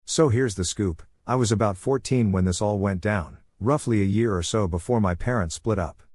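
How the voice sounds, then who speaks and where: Low-voiced man narrating a story. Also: moderate pace, a little mellow, dry recording. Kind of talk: scripted narration.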